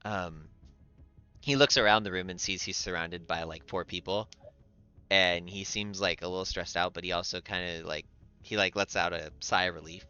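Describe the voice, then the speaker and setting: Man, dungeon master, casual rambling narration, bright tone, dull lo-fi recording, faint music. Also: low voice, steady tone, normal speed, clean tone. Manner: casual, rambling, many fillers. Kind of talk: narrating a tabletop game.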